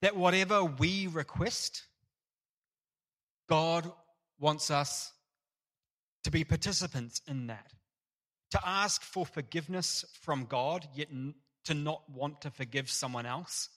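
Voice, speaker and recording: A man preaching an earnest, animated sermon in a church. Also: fairly high pitch, takes it slowly, long pauses. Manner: earnest, animated, acts out parable voices.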